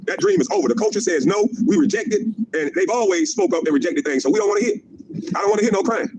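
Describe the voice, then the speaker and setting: A man's voice: high voice, big pitch swings, quick pace, creaky, darkish tone, a little hiss or hum, low-quality recording. A middle-aged man delivering a profane, mocking livestream rant, repeating his jabs and laughing at them. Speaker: former pro basketball player ranting on a stream.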